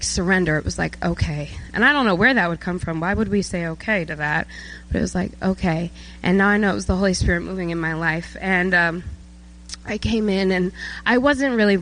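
A nineteen-year-old woman from South Georgia, USA, shares an emotional personal testimony at a church service, using many fillers. Her voice is fairly low and a bit bright, and the audio quality is poor.

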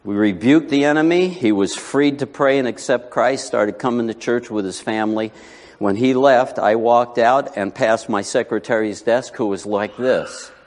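A male pastor preaches a sermon in a church, mixing folksy anecdotes and asides with emphatic, rising delivery. His voice sits at a middle pitch. Long reverb from the hall trails after his words. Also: moderate pace, darkish tone. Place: church sanctuary.

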